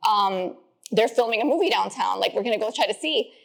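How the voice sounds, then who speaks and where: A woman's voice: expressive, fairly quick, vocal fry. Chatty young woman telling stories. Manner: chatty, says "like" often, acts out quotes in a high voice. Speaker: guest. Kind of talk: casual interview storytelling.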